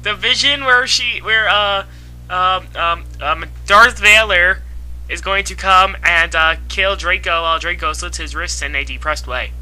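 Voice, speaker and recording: A man's voice: high voice, bright, forceful tone, faint music behind, rough recording. A man reading fan fiction aloud in an exaggerated, mock-dramatic way. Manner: exaggerated, drawn-out reading that breaks into laughter. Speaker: co-reader.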